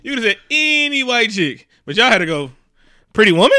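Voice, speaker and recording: A podcast co-host with a high, bright, pushed and smooth voice recaps an old film for laughs in a sing-song way, joking and swearing as he goes. He acts out the characters in quick voices, and the sound is clean studio audio with no echo.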